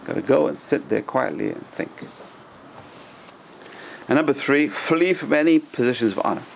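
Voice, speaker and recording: Gravelly-voiced rabbi teaching a class. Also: male voice, mid-range voice, lively intonation, moderate pace, a little hiss or hum. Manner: conversational, repeats himself, tells stories with chuckles. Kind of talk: Torah lesson with storytelling.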